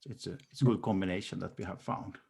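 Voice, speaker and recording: A man's voice: deep voice, fairly even intonation, fast, gravelly, darkish tone, breathy edge. Hesitant male webinar moderator. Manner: hesitant, with frequent ums and uhs.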